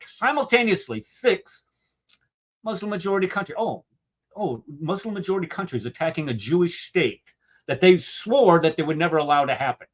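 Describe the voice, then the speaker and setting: A man from the United States hosts a commentary show and rants with sarcastic indignation. His voice is a little higher than most men's and swings widely in pitch as he gets worked up. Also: animated, moderate pace. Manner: emotional ranting. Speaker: host. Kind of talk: heated commentary on a video.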